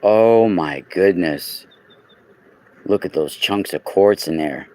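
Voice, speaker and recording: A man chatting casually on a livestream, exclaiming loudly and talking straight to his viewers while selling crystals. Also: low-pitched, slow pace. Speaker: crystal seller and podcaster. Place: indoors at home.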